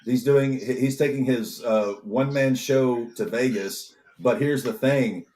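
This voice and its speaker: A man's voice: mid-range voice, measured pace, a loud crowd. A man co-hosting a casual podcast, rambling with many restarts and frequent swearing. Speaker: podcast co-host. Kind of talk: casual chat.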